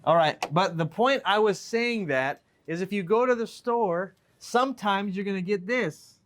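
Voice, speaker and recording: Relaxed man teaching a class. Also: high-pitched, moderate pace. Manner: relaxed, joking, explains by reading examples aloud. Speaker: Arabic teacher. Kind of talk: classroom lesson with students.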